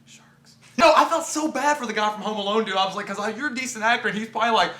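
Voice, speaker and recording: Fast-talking young man in echoey room. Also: high-pitched. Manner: rambling, profane, mimics characters with loud bursts. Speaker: movie reviewer. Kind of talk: casual chat.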